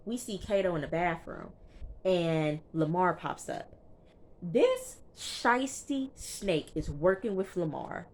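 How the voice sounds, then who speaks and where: A woman reviews a TV episode in a loose, slangy recap, stopping often for quick asides of her own. Her voice sits slightly low. A faint room ambience hums behind her. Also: lively intonation, a little hiss or hum. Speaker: TV show reviewer.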